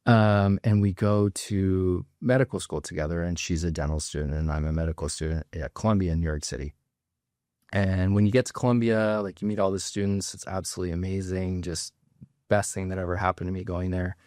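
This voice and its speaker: Low-voiced man telling a long story. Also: little pitch movement, a little fast, darkish tone, no echo, clean studio sound. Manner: rambling storyteller, many fillers. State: near tears. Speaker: podcast guest, plastic surgeon. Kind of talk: casual storytelling chat.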